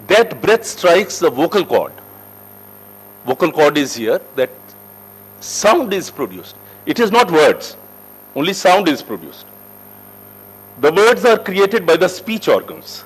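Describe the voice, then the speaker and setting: Lively lecturer, higher voice. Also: male voice, slightly rough, low-quality recording. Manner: emphatic, lively teacher with wide shifts in pitch and loudness; asks the class questions and answers them himself. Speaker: corporate soft skills trainer. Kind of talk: classroom lecture. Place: training room with a group.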